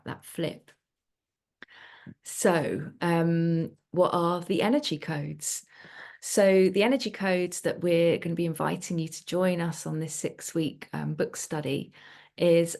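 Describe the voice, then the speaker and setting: A woman's voice: low-pitched, a little mellow. A woman coach hosting a webinar, explaining in a loose, conversational way with many fillers and restarts.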